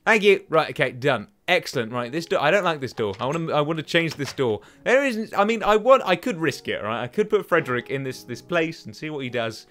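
Lively rambling young man gaming. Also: on the high side, a little fast, few pauses. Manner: rambling, talks to himself and taunts enemies. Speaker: gaming channel host. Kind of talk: let's play commentary. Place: at home. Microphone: desk microphone.

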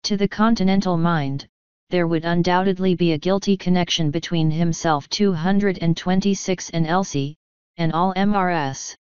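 A woman reading an audiobook in a measured, even narration. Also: lowish voice, clean tone, dry recording, highs cut off. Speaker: audiobook reader.

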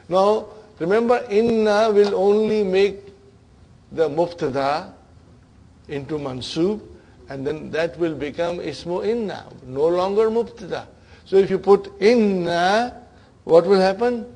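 High-pitched, husky and a little mellow, a man's voice leads a class through Arabic grammar. He puts the terms into English, addresses the room as brothers and sisters, and keeps checking in with "okay?" and "huh?"

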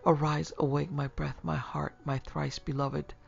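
A narrator voicing a thousand-year-old immortal woman who speaks softly in archaic, devoted phrases, in a dull lo-fi recording. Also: on the high side, flat delivery, measured pace, vocal fry. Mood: tender. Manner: soft, archaic, devoted speech. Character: ancient immortal woman, tender and adoring.

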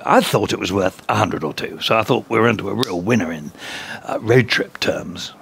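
A man with an English accent, a guest in a cricket commentary box, telling lively anecdotes and chuckling through punchlines. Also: lowish voice, moderate pace, creaky, husky.

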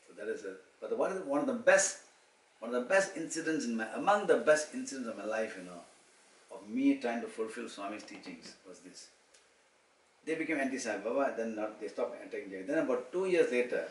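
Man telling stories in an echoey room. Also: lowish voice. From Malaysia. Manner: animated storyteller who acts out quoted dialogue. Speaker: motivational speaker. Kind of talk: informal devotional storytelling talk. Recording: echoey room, far-off mic, faint hum.

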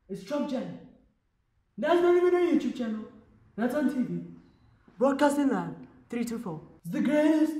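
Guy putting on a high loud president voice, brags nonstop, echoey room. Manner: boastful, repetitive superlatives. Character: bragging male president, boastful and loud.

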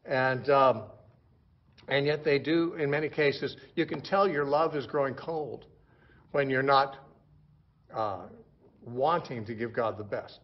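A man teaching through a book of the Bible verse by verse, explaining slowly and repeating words as he restarts his sentences. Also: mid-range voice. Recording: dull lo-fi recording.

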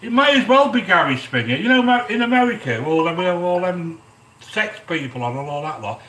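Frying quietly sizzles behind a middle-aged cooking channel host as he streams live from his home kitchen. Chatty and talking right to his viewers with shout-outs, he has a bright, swooping, lively voice that sits high and moves briskly. He's recorded from a distance, off-mic, in an echoey room.

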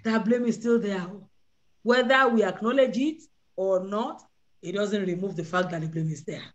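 A woman's voice: medium pitch, moderate pace, highs cut off. A woman leading a prayer call, preaching and acting out the voices of Bible figures. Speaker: prayer leader. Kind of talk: sermon on a prayer line.

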